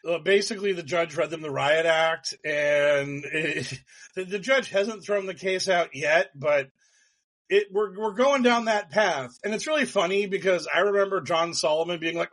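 A man in casual political chat, rambling with sarcastic asides and quick restarts. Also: sits high, a bit bright. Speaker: podcast co-host.

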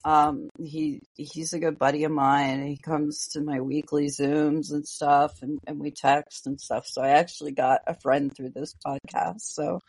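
A woman's voice: sits low, level tone, measured pace, hardly any pauses, darkish tone, slightly rough, no room sound. A woman on a comedy podcast chatting in a bubbly way, with lots of ums. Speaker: podcast co-host. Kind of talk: casual podcast chat.

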